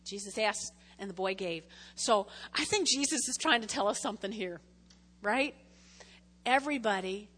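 A woman preacher gives a casual, conversational sermon in a high, bright voice, repeatedly checking in with the congregation. Her words ring with a long church-hall reverb.

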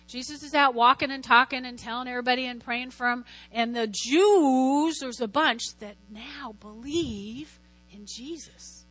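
A woman preaching a sermon in a lively way, calling out to her listeners and asking them to answer back. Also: high voice. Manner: lively, lots of call-and-response. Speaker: Christian teacher preaching.

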